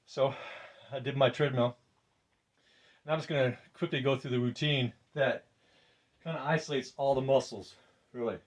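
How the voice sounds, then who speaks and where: A man in his sixties talking casually while working out in a gym room. He breathes deeply and keeps checking in with "right?" and soft laughs. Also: steady tone, moderate pace, pauses often. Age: 60s. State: breathing deeply during the workout. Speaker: fitness vlogger. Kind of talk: casual demonstration while exercising. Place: gym room among exercise machines. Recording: distant mic with faint background noise.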